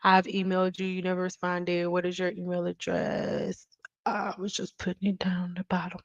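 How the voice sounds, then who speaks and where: A woman's voice: fairly low pitch, lively intonation, moderate pace, gravelly, dull audio. A woman hosting a casual livestream, talking in a chatty, rambling way with lots of restarts and apologies. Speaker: beauty vlogger and livestream host.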